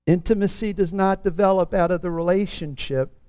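A middle-aged man preaching a sermon in an earnest tone, stretching out key words slowly for emphasis. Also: high voice, steady tone, a little mellow, clear, resonant tone, no room sound. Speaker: pastor.

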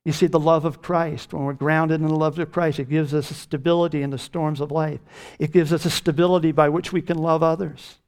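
Guy preaching a sermon, kinda high voice, slow and emphatic on the big words. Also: fairly even intonation, a little mellow. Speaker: pastor.

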